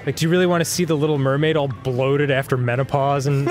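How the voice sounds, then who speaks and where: A man co-hosting a casual gaming show, joking loudly and laughing often. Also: medium pitch, flat delivery, fast talker, loud music behind the voice. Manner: goofy, laughs loudly, jokey voices. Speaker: co-host. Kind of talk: casual banter while gaming.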